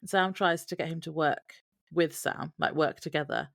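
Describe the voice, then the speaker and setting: A woman's voice: deep voice, moderate pace, vocal fry. A woman co-hosting a podcast, summarizing episode events from her notes with wry asides. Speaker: podcast co-host. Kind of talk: casual podcast chat.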